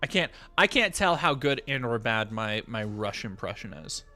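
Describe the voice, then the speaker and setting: A man's voice: mid-range voice, sing-song, normal speed, hardly any pauses, sharp tone, faint music behind. A young man chatting on a live stream in a rambling, profane, jokey way, often restarting his sentences. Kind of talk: casual live-stream chat.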